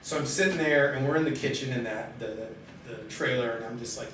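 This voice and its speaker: Middle-aged guy telling his story, lots of ums and pauses, really echoey room. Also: mid-range voice. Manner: halting and candid, with many pauses and fillers. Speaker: guest sharing his life story. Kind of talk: personal storytelling in conversation. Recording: very echoey room, distant mic, steady background noise.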